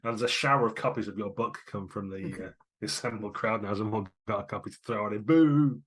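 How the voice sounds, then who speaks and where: Man with a wry, lively game-master voice. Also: fairly low pitch, husky. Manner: lively, wry, quick asides. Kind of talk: narrating a tabletop game.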